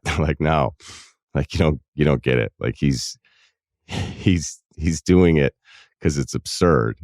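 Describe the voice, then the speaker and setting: Podcast host, male, around 40s, very low voice, dry close studio sound, deadpan humor while reading listener mail. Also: normal speed, no echo. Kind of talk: casual advice podcast talk, reading listener emails.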